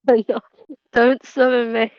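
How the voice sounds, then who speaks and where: A woman's voice: fairly high pitch, little pitch movement, takes it slowly, a little mellow, no echo. Giggly woman with a dull, dry sound. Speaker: player. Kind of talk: playing a tabletop game.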